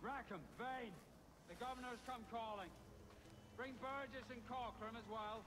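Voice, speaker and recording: A stern, formal colonial governor. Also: male voice, very high voice, fairly even intonation, noisy background. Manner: formal and measured.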